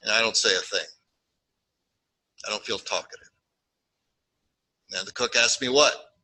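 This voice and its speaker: Bright-voiced man lecturing with playful asides. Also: lowish voice, measured pace, low-quality recording. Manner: jokey, animated, acts out little scenes. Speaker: statistics lecturer. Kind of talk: classroom lecture.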